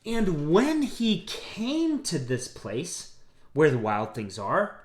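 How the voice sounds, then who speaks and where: A man reading a picture book aloud, gently pausing to ask his listeners questions. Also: fairly high pitch, wildly swooping pitch. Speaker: storybook reader. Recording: roomy echo.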